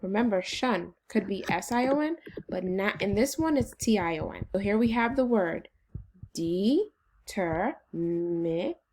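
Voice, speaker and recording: A woman teacher leading a phonics lesson for children, slowly and encouragingly sounding out syllables. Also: mid-range voice, animated, a little mellow, slight background noise.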